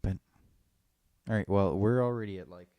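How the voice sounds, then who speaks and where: A man's voice: lowish voice, normal speed, mellow, dry recording. Rambling young man telling a story. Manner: rambling storyteller, full of fillers, acts out quoted lines. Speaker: podcast co-host. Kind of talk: casual chat.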